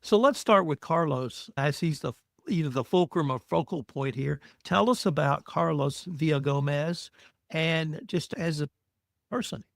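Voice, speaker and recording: Gravelly male podcast host. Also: on the high side, dry recording, studio quality. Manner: measured, curious questioning. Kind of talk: interview questions.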